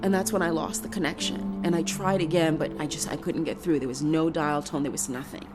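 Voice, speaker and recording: A woman giving interview testimony, recounting a hard memory in a halting, emotional way. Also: deep voice, steady tone, over loud music.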